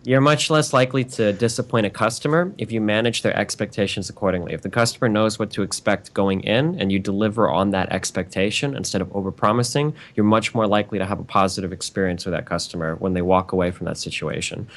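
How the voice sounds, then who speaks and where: Lower-voiced man explaining methodically. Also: quick pace, hardly any pauses. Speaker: podcast guest, streamer. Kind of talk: casual chat.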